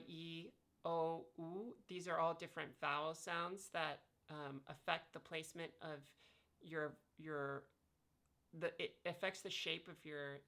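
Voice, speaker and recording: A woman's voice: deep voice, bright, forceful tone. A woman talking casually about her voice training, demonstrating vowel sounds with frequent fillers while lying on her back. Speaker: vlogger sharing voice training tips. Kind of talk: casual instructional talk.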